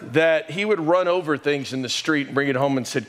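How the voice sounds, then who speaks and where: A middle-aged man preaching a sermon, telling an emotional family story and lifting his voice when he quotes people. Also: a little fast. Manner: storytelling, emotional, rises in pitch and volume when quoting. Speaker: pastor.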